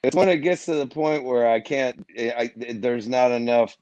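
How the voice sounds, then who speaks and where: A man chatting on a podcast as a guest drummer, mid-pitched and animated, swearing freely as he acts out the voices of people in his stories. His tone swings up high whenever he quotes someone. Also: moderate pace, a crowd in the background. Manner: profane, animated storyteller who acts out quotes. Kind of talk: casual podcast chat.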